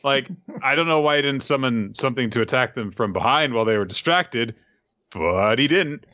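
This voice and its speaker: Animated, rambling male podcaster. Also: mid-range voice, normal speed, no room sound, highs cut off. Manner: animated, rambling, lots of fillers. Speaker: podcast co-host. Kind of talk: casual chat recapping a manga.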